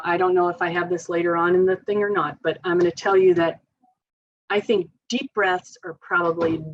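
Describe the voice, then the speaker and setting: Chatty woman therapist, lo-fi. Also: on the low side. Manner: chatty, informal, many fillers, laughs often. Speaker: occupational therapist. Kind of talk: parent training presentation.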